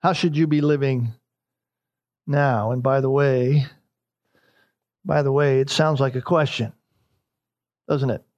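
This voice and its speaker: A man's voice: medium pitch, steady tone, slow pace, pauses often, a little mellow, lo-fi sound. A man preaching a verse-by-verse sermon, emphatic and repeating his key lines. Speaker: pastor.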